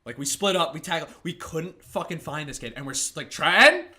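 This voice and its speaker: A man's voice: fairly high pitch, a little fast. A young man co-hosting a podcast, telling stories in casual chat, acting out quotes and swearing a lot. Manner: animated storyteller, acts out quotes, swears a lot. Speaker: podcast co-host.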